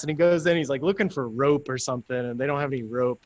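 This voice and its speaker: A man, a guest on a talk show, telling a story casually. He talks in an animated way, laughs often and acts out the lines of people in his story. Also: mid-range voice, fast talker, few pauses.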